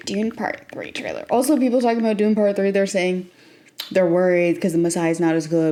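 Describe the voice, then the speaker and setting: A woman's voice: medium pitch, fairly even intonation, moderate pace, warm tone. A young woman chatting casually in a late-night vlog, rambling and playful, breaking into squeals and laughter. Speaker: vlogger.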